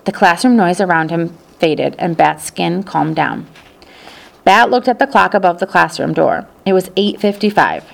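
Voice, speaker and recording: A woman reading a children's novel aloud as narrator, telling the story in a steady, even way. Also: lowish voice, moderate pace, vocal fry. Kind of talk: audiobook narration.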